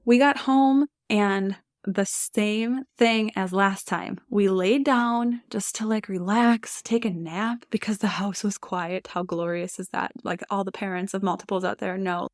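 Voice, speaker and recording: A woman's voice: mid-range voice, fairly even intonation, a little slow, hardly any pauses, no echo. Chatty woman with a dry close sound. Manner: chatty, laughs often, many "like" fillers. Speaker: podcast guest sharing birth stories. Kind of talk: casual storytelling.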